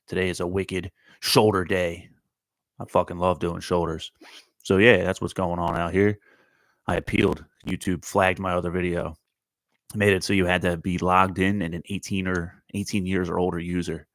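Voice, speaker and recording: A low-voiced man rambles through his own morning show, blunt and full of swearing. He talks straight to his viewers while out walking. The sound is dry and close. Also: little pitch movement, moderate pace, no room sound, poor audio. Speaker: host of a morning talk show. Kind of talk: casual rambling chat on a morning walk. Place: outdoors, walking.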